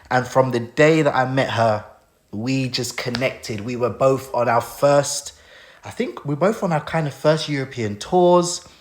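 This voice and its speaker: A man hosting a casual live stream, talking in a heartfelt and emotional way as he thanks people. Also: medium pitch.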